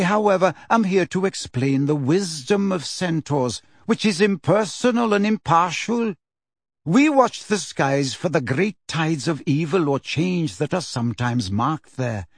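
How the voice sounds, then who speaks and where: A man voicing a calm, aloof male centaur teacher, speaking in a measured, quietly dismissive way. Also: fairly high pitch, no echo, studio quality. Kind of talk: audiobook character reading.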